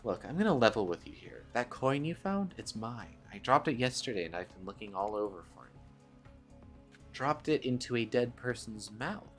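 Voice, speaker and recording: A man's voice: mid-range voice, sing-song, normal speed, soft background music, natural voice. A man voicing a pushy stranger from a game who claims a found coin, speaking in a wheedling manner.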